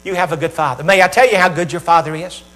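A middle-aged male preacher with a high-pitched voice delivers a sermon to his congregation. He repeats his points and lets his voice swell as he presses them home. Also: fast talker, fairly bright tone, low-quality recording. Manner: emphatic, repetitive preaching that swells in volume; talks straight to the congregation.

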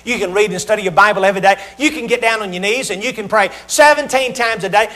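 A man's voice: sits high, quick pace, hardly any pauses, sharp tone, poor audio. A middle-aged man preaching a sermon, talking straight to his congregation with emphatic, repetitive phrases that swell in volume.

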